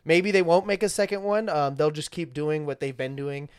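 A man's voice: fairly high pitch, normal speed, clear, resonant tone, no echo, studio quality. A young man co-hosting a podcast in casual chat, swearing often and filling his talk with "like" and "dude". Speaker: podcast co-host.

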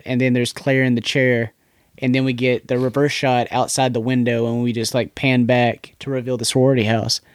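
A man's voice: medium pitch, no echo, studio quality. A man co-hosting a podcast, recapping a film in casual chat, repeating words as he goes. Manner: rambling, repeats words, recaps plot scenes. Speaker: podcast co-host.

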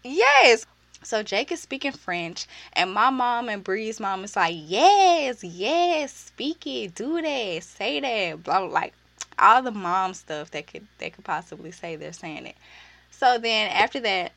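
A sassy young woman chats through a story, swearing and slipping into high-pitched quoted voices. Her voice sits at an ordinary middle pitch. The sound is dry and close, with almost no room echo. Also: expressive, unhurried, gravelly, sharp tone. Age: young adult. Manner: uses slang and profanity freely. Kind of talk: casual storytelling vlog.

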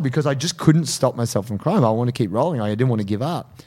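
A man co-hosting a podcast, telling a story in casual chat and acting out quotes in a higher voice. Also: fast talker, husky. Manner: animated, acts out quotes in high voices. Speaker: podcast co-host.

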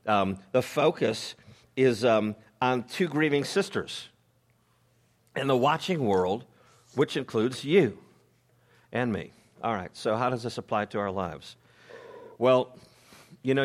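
Male pastor, casual sermon delivery, humorous, lots of ums and restarts. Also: medium pitch. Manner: informal, joking asides, frequent fillers and restarts. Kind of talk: conversational sermon.

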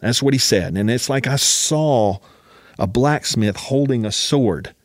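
A man's voice: mid-range voice, unhurried, no echo, studio quality. Emphatic man preaching a personal story. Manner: emphatic, keeps urging listeners to listen. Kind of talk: sermon storytelling.

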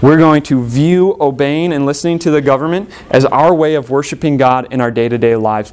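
A man's voice: medium pitch, moderate pace. Earnest male preacher delivering a sermon. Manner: earnest, rising emphatically and dropping soft for quoted prayers. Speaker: pastor.

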